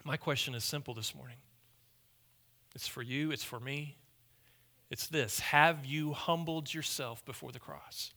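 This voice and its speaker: A man preaching a sermon as pastor, emphatic and repetitive, dropping to hushed lines and then rising loud. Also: mid-range voice, unhurried, long pauses.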